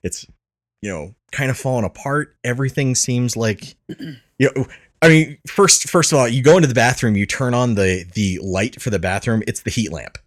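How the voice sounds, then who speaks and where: A man's voice: mid-range voice, moderate pace. A man hosting a casual podcast, laughing often, swearing freely and rambling through restarts. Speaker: podcast host.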